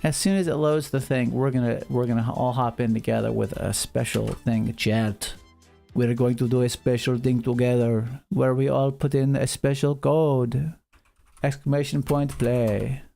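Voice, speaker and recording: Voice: medium pitch, gravelly, dark tone. A streamer chatting with viewers and calling a marble race in a playful, hyped announcer style, now and then saying "meow". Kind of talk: live stream chat and playful race commentary.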